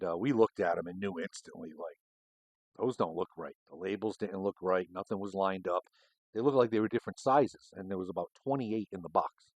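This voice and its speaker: Middle-aged ex-cop host with a lowish voice, dry close sound, swears freely and rambles through anecdotes. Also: male voice, darkish tone, dry recording, rough recording. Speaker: cigar show host, former homicide detective. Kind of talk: casual storytelling.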